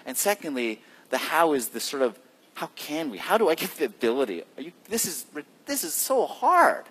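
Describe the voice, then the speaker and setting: A male pastor preaching a sermon in a conversational way, asking the listeners questions and swinging between loud emphasis and hushed, drawn-out phrases. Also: fairly high pitch, very animated, husky. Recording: long hall reverb.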